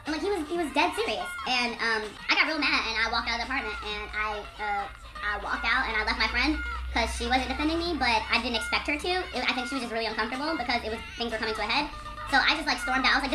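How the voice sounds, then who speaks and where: A woman in her twenties vlogging at home in a blunt, frustrated, animated way. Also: on the high side, fast, reverberant, over music, rough recording. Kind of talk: casual talking-head vlog rant. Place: home bedroom corner.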